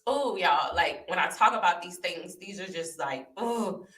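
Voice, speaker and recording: A woman's voice: on the low side, measured pace. A young woman vlogging her personal testimony, telling the story candidly and animatedly, repeating herself and laughing. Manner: animated, repetitive, laughing as she recounts. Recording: roomy echo, voice a bit far from the mic.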